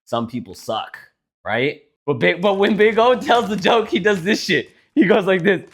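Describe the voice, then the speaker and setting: A young man co-hosting a podcast, telling a joke and chatting casually, animated and swearing casually. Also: high voice, normal speed, husky. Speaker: podcast co-host.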